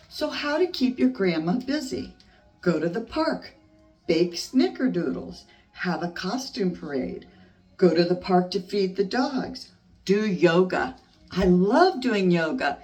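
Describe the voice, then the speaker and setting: Older woman as a grandmother reading to a baby: unhurried and gentle, sing-song, set back from the mic. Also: lowish voice, recorded from a distance. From United States. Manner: slow, gentle, sing-song storytime voice with asides. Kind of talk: reading a picture book to a baby.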